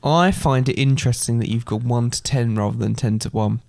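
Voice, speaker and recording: A man's voice: mid-range voice, a little fast, gravelly, darkish tone. A man co-hosting a casual podcast chat, cracking dry, teasing jokes. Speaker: podcast co-host.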